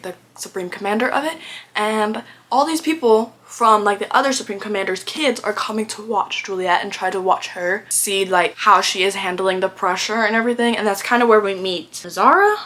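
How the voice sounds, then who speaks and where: Chatty young woman rambling about books. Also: mid-range voice. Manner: chatty and animated, full of fillers and slang. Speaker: book vlogger. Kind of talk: casual rambling book review.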